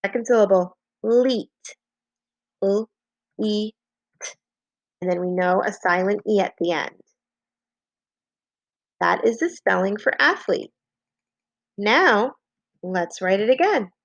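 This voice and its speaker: A woman teaching a phonics lesson to young children, slowly and patiently dictating and spelling out words. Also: medium pitch, dry recording. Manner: slow, clear, patient dictation with repeated words.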